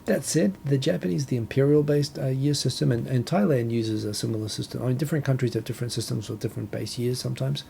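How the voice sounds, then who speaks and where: A man's voice: medium pitch, quick pace, vocal fry, few pauses, dark tone, slight background noise. A man from New Zealand with a New Zealand accent, hosting a casual solo talk show and rambling with self-corrections and chuckles. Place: home, Tokyo.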